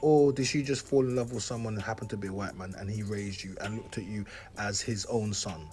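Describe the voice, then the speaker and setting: A man from Africa hosting a casual talk show, speaking conversationally with quick asides and reading posts aloud. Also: fairly low pitch, steady tone, darkish tone, faint music behind. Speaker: host.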